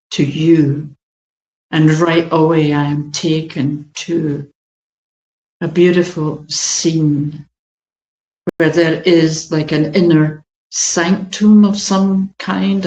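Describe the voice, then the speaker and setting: Woman meditation guide, low unhurried voice, soft and flowing, dull echoey room recording. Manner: slow, gentle, flowing delivery with pauses.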